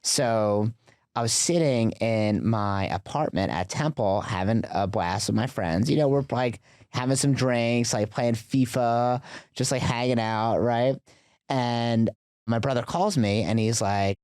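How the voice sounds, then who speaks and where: A man's voice: mid-range voice, unhurried, dry recording, clean studio sound. A man as a podcast guest, telling a story in a casual, chatty way with lots of fillers. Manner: chatty, filler-heavy, animated retelling.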